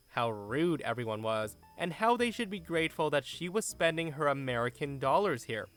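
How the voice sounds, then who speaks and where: A man narrating an online story in an expressive, animated way, with his own comments. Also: medium pitch.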